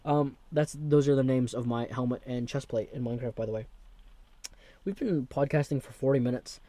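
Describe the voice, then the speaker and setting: A young man hosts a loose comedic monologue and drifts from one topic to the next. His voice is mellow and dark, and it sits in a mid range for a man. The recording is dry and close, with almost no room sound. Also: mid-range voice, a little fast, no room sound. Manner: rambling, self-interrupting, jokey. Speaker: host.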